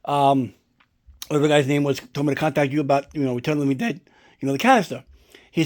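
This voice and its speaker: A man with a somewhat high voice tells a long, rambling story at home. He talks casually, swears freely and keeps trailing off with filler like "blah, blah, blah.". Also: fast, long pauses, darkish tone. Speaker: collector showing a movie prop. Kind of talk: casual unboxing vlog. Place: indoors at home.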